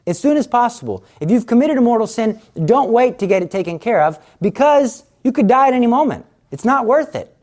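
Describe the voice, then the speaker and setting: A man's voice: very high voice, animated, brisk, darkish tone. A man giving a casual Catholic teaching talk, explaining confession in a conversational, earnest way and acting out everyday scenes. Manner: conversational, acts out everyday scenes in quoted voices; earnest, urging.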